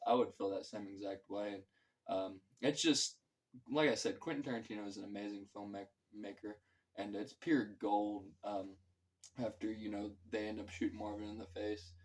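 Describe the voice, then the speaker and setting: A man with a fairly low voice reviews a film in an easygoing, meandering way. His talk is loose and profane, packed with fillers and restarts, and he slips into quoting scenes as he goes. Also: level tone, moderate pace, low-quality recording. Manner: filler-heavy, loose and profane, acts out quotes. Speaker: movie reviewer. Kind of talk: casual rambling film review.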